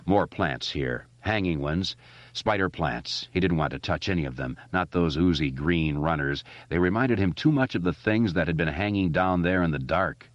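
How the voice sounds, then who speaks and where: A man narrating an audiobook in an expressive, suspenseful reading. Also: sits low, normal speed, dry recording. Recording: dull, dry lo-fi audiobook recording.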